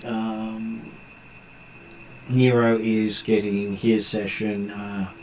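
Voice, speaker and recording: A man narrating as game master of a tabletop game, pausing often on fillers as he describes the scene. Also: lowish voice, monotone, a little mellow. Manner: halting, many filler pauses. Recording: echoey room with faint noise.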